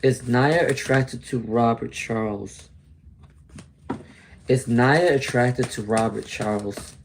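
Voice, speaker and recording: A man's voice: mid-range voice, slow pace, vocal fry, slight background noise. Male tarot streamer, casual and chatty, reads for viewers live, mid-range voice. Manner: chatty, answers viewers by name, mutters while searching.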